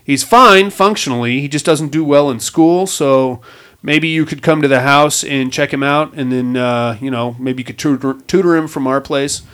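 A man's voice: mid-range voice, moderate pace, a bit bright, smooth, lightly acted. A man voicing a brash, impatient rich tycoon father who swears bluntly while retelling a film. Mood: pushy.

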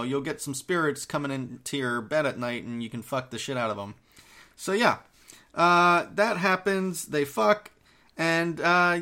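A man's voice: on the high side, fairly bright tone. A man hosting a podcast, casually recapping an episode in a rambling, profane way with lots of fillers. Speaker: podcast host.

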